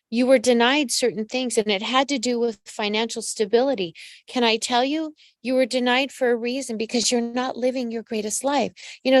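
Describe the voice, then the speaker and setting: A woman's voice: fairly high pitch, dry recording. A woman psychic medium hosting a live astrology reading, giving direct advice and calling her listeners pet names.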